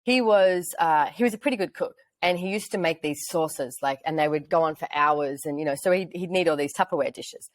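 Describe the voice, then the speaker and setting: A woman's voice: brisk, few pauses, no echo. A woman with an Australian accent, chatting casually as a podcast host and acting out bits of dialogue as she tells stories. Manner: animated, acts out quoted dialogue in a high voice. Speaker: podcast host, relationship facilitator. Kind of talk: casual storytelling chat.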